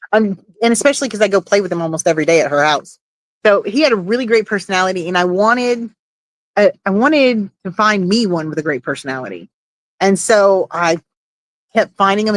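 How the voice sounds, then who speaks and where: Woman livestream host, loose and chatty, dry close sound, mid-pitched voice. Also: no echo. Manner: chatty, laughs often, swears casually. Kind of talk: casual livestream chat.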